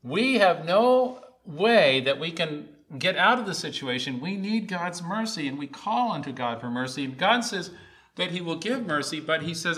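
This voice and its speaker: A male preacher delivering a sermon with a bright, forceful tone. He is earnest and repeats his key lines, swelling into loud, emphatic calls before easing back to a conversational level. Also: fairly high pitch, expressive, normal speed.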